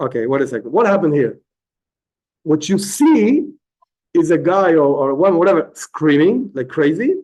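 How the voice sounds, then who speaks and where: A middle-aged man teaching a religious lesson as a rabbi, animated and repetitive, often restarting his phrases. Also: a little high, normal speed, rough recording.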